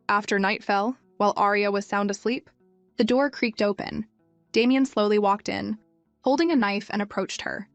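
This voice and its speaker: A woman narrating a manhwa recap in an even storytelling way, over faint music. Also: mid-range voice, moderate pace, dry recording. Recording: dry, music faint behind.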